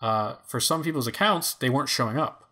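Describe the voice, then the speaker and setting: Male podcast co-host, mid pitch, loose and rambling, heavy on fillers. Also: brisk, sharp tone. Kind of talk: casual chat.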